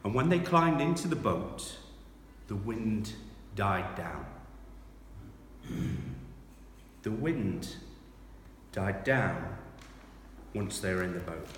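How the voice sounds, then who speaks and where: A man delivers a sermon at an unhurried, deliberate pace, swelling to loud, dramatic scripture readings before settling into quieter reflection. He is recorded from a distance in a large church hall, with a heavy wash of echo and a faint hum of room noise. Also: on the low side, animated. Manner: slow, emphatic preaching that rises to loud dramatic readings. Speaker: pastor. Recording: echoey hall from far off.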